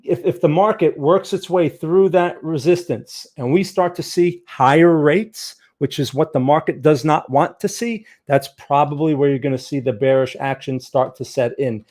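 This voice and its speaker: A man's voice: on the high side, dark tone. A man streaming live market chart analysis, talking conversationally, often checking in with his viewers and urging them to look closely at the charts. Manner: conversational, keeps checking in with "right?".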